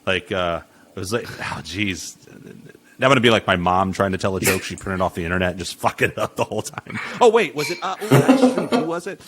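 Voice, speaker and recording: Male podcast host, low-ish voice, swings widely in pitch, rambling crude banter, laughs a lot. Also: sing-song, fairly quick, background noise. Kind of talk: casual chat.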